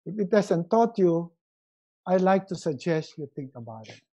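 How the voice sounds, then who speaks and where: A middle-aged man giving a motivational webinar talk, acting out quotes in a raised, animated voice. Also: high-pitched, moderate pace, lo-fi sound. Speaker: motivational speaker.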